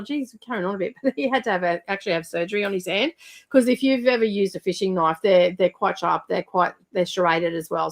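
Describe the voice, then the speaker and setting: A woman's voice: mid-range voice, creaky. A woman hosting a livestream, chatting casually and rambling with lots of fillers while she reads viewer comments. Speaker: livestream host.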